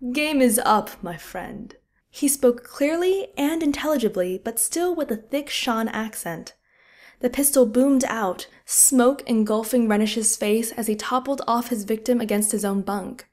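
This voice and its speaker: A woman narrating a fantasy war audiobook in an expressive, vivid storytelling style. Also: a little high.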